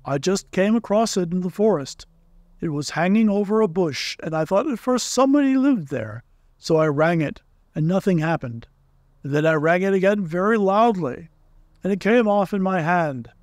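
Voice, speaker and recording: A pompous, long-winded old male owl who fusses over long words, played by a man reading aloud. His storybook voice sits slightly high and is recorded close and dry. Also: lively intonation, normal speed, no echo. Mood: chatty.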